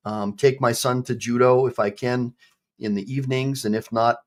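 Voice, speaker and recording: A man's voice: mid-range voice, expressive, measured pace. A man, an attorney, talking conversationally to his viewers in a reaction video. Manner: conversational, with frequent ums and you-knows. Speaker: attorney, channel host.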